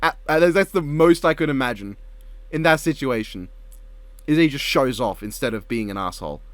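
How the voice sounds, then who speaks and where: A man co-hosting a casual commentary chat, animated and swearing freely. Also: medium pitch, moderate pace, no room sound. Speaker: co-host.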